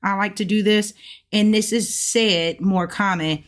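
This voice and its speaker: A woman's voice: medium pitch, steady tone, unhurried. A woman hosting a casual video lesson, explaining step by step and drawing out sounds to demonstrate them. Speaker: host of a language-learning channel.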